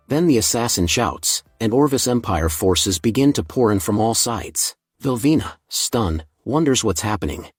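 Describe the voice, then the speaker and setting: Husky-voiced man narrating a story. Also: fairly low pitch, animated, moderate pace, hardly any pauses, no room sound, clean studio sound, faint music behind. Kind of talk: scripted recap narration.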